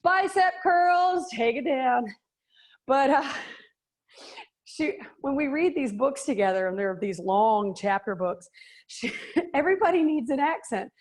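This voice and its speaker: A woman's voice: on the high side, lively intonation, measured pace, pauses often, darkish tone, husky. Joking woman leading a workout class. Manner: upbeat, joking, counting out reps. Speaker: fitness and yoga instructor. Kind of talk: live workout class instruction.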